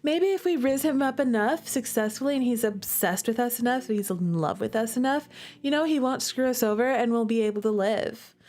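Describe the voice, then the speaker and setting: A woman's voice: fairly high pitch, brisk, a little mellow. Playful young woman gushing over a game. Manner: gushing, playful, slangy commentary. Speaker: gaming streamer. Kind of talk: reading and reacting to a visual novel. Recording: faint music underneath.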